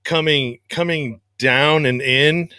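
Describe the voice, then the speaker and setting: A man's voice: on the high side, slow pace, sharp tone, clean tone, dry recording, clean studio sound. A man hosting a casual interview over a video call, easygoing and agreeable. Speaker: host.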